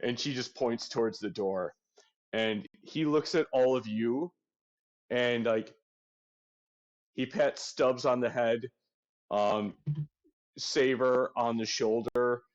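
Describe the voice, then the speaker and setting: A man narrating as game master in a tabletop game, in a halting, casual manner full of fillers. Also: medium pitch, lo-fi sound.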